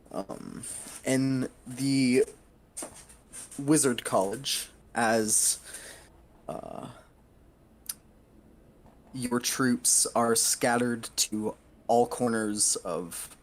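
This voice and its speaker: A man's voice: mid-range voice, very slow, pauses often, a little hiss or hum. A man narrating a tabletop game as game master, hesitant and full of ums and uhs.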